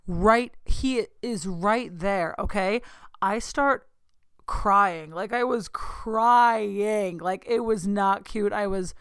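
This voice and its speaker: A woman in her thirties hosting a podcast, telling a story in an excitable, gushing way that keeps interrupting itself. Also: medium pitch, slow, smooth, dry recording, clean studio sound. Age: 30s. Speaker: podcast host. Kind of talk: casual storytelling.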